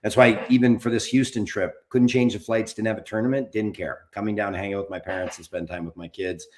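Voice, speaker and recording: A man's voice: lowish voice, fairly even intonation, fast talker, a little mellow. A man in his forties, a podcast guest, talking candidly and rambling a bit, swearing casually. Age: 40s. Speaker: podcast guest, documentary producer. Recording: roomy echo.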